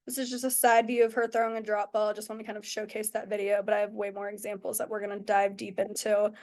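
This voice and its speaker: A young woman who coaches softball pitching, telling stories in a chatty way with many "like"s. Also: level tone, fast. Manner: chatty, lots of "like" and "oh my goodness". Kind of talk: casual coaching talk with storytelling.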